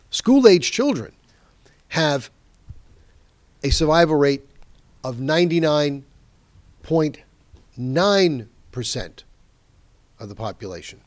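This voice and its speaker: A man's voice: medium pitch, no room sound. A man hosting a political talk show, speaking in an emphatic, indignant monologue and leaning hard on key words. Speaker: talk radio host.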